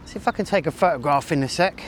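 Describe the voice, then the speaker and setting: A fast-talking man with a fairly high pitch vlogs casually from his bike, riding outdoors through the countryside and the city. His rambling narration about the ride and route is full of jokes and self-mockery, and he talks to himself. Faint traffic and outdoor noise are in the background.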